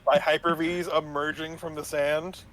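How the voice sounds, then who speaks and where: A man's voice: a little high, flat delivery, moderate pace, fairly bright tone, slight background noise. A man who runs tabletop games, casually retelling a session in a rambling way, swearing and asking "right?" as he goes. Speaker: game master. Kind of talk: casual storytelling about a tabletop game.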